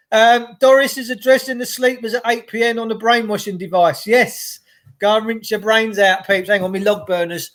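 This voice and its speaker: A man's voice: high voice, fairly quick. A middle-aged man talking casually from home by a log burner, greeting viewers and ranting with passion. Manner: chatty, greets viewers, impassioned. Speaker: vlogger. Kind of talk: casual livestream rant.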